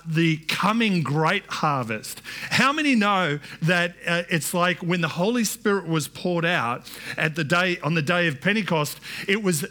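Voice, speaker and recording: A middle-aged pastor with a high, pushed, bright voice preaches in church. He keeps it conversational, restarting often and wandering into asides.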